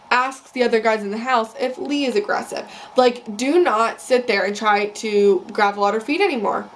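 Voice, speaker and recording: A woman's voice: on the high side, slight background noise. A young woman vlogging, casually and heatedly sharing her opinions in a rambling rant. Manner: opinionated, ranting. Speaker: vlogger recapping a reality show. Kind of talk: casual chat.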